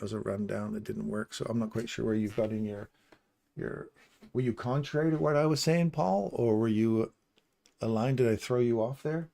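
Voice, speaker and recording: A man's voice: on the low side, fairly even intonation, fairly quick, vocal fry, warm tone. A man casually commenting on a live trading stream, reading out and answering viewers' chat messages by name. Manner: upbeat and chatty, laughs easily.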